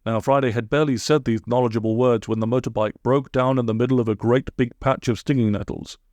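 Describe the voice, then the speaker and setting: A man reading a comic storybook aloud, with deadpan asides. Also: medium pitch, fast, dry recording. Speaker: narrator.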